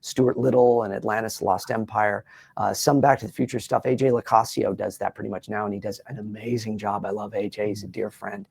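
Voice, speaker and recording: Middle-aged male voice actor, raspy, breathy, dry and close, animated and chatty. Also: fairly low pitch, fairly quick, no echo. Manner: lively, slips into character voices mid-sentence. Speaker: voice actor guest. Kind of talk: animated interview talk with quick voice impressions. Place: Los Angeles, doing press.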